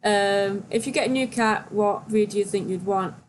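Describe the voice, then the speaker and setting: A woman's voice: medium pitch, moderate pace, a little hiss or hum. A young woman hosting a casual livestream, chatting and reading viewer questions aloud. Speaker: livestream host.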